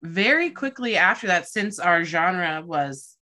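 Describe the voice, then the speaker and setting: A woman guest on a casual podcast, chiming in with quick, upbeat remarks. Her voice is bright and forceful while sitting somewhat low in pitch. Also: expressive.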